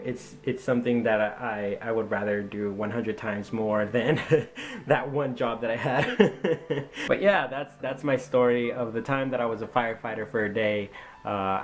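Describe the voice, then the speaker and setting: A young man vlogging a personal story, excitable and acting out his own lines of dialogue. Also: lowish voice. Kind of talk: storytelling vlog.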